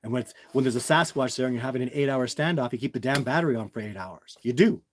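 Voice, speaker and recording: A man's voice: medium pitch, fast talker, a little hiss or hum. A man hosting a casual livestream, talking emphatically and with many repeats, answering viewers' questions. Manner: emphatic, repetitive, addresses viewers as guys.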